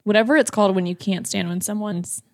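A young woman hosts a casual podcast, talking with a friend in a loose, chatty way and dropping swear words into her stories. Her voice sits mid-pitch and sounds close and dry, with no room around it. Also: fairly even intonation, quick pace, dry recording. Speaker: podcast co-host. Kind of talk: casual chat.

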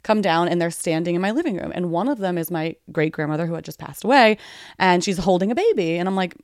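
A woman in her thirties tells a story in a casual chat, acting out the voices of the people in it. Her voice sits a little low. The sound is dry and close, with no room in it. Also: animated, quick pace, no echo. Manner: chatty storyteller, acts out quoted voices. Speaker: podcast co-host.

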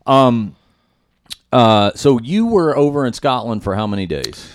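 A man co-hosting a podcast, asking questions in a casual way and cutting in with quick reassurance. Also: medium pitch, big pitch swings. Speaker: podcast co-host. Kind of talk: casual conversation.

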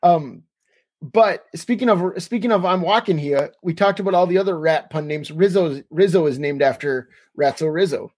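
A man's voice: on the high side, moderate pace, a little mellow. A man co-hosting a casual podcast chat, recapping scenes, quoting lines and chuckling often. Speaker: podcast co-host.

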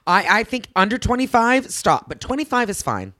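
A woman co-hosting a podcast, teasing her friend in quick, animated banter. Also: medium pitch, no room sound, clean studio sound. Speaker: podcast co-host. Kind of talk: casual banter.

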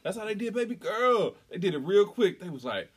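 Animated young man, casual chat. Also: brisk, slightly rough. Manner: animated, laughing storyteller, swings into high squeals when acting out stories. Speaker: podcast co-host.

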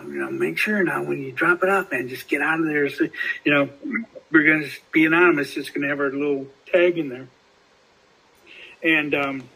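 A man's voice: medium pitch, bright, forceful tone, breathy edge, rough recording. A man hosting a casual recovery podcast, telling a story in rambling fashion with many restarts and fillers. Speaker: podcast host.

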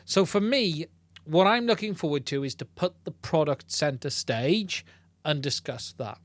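A man's voice: fairly high pitch, animated, unhurried, no echo. A man hosting a casual live-stream podcast, chatting in a rambling way with lots of fillers and restarts. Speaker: podcast host. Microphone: podcast mic into a mixing console.

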